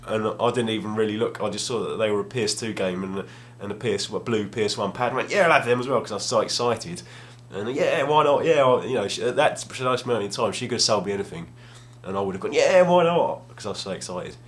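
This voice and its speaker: A man's voice: lowish voice, fairly even intonation, fast talker, hardly any pauses. Man rambling through a story. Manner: rambling, self-deprecating, restarts often. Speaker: gaming vlogger. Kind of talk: casual storytelling. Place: home room, at a table.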